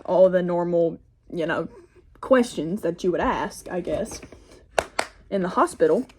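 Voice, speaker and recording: A woman's voice: lowish voice, animated, measured pace, a little mellow, slight background noise. Chatty teenage girl telling a story. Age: teens. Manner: chatty, rambling storytelling with frequent "like" and "y'all". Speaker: vlogger. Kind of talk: get-ready-with-me storytime. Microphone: phone camera.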